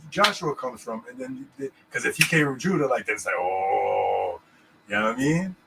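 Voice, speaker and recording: A man's voice: medium pitch, very animated, moderate pace, vocal fry, heavy background noise. A man co-hosting a casual podcast about scripture, rambling and checking in with "you know what I'm saying". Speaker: podcast host.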